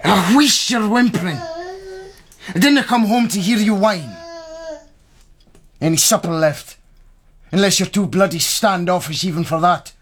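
A sneering Scottish soldier. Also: male voice, high voice, lively intonation, measured pace, pauses often. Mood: contemptuous. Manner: sneering, crude and domineering. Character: coarse, bullying soldier husband home on leave. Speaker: soldier home on leave.

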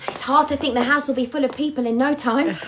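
An actress playing a cheerful, chatty housemaid who is eager and deferential. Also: female voice, sits high, steady tone, fast talker, very noisy, lightly acted.

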